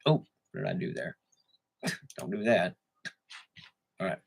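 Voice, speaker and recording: A man's voice: deep voice, huge pitch swings, unhurried, gravelly, slightly rough. A man co-hosting a casual comedy podcast, cracking crude jokes and mimicking voices. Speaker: podcast co-host.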